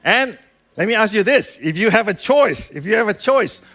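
Guy with a high voice giving a sermon, talks casual, keeps saying right?. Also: lively intonation, normal speed, sharp tone. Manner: conversational preaching with frequent "right?" and "you know"; acts out quoted voices. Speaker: pastor.

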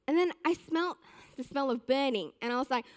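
A young woman giving a sermon, telling a personal story with animated, self-mocking humor. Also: high-pitched, a little fast. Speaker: church speaker.

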